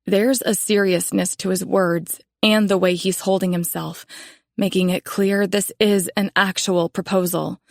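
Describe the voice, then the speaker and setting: Calm woman narrating a romance audiobook. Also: mid-range voice, measured pace, vocal fry, dry recording, studio quality.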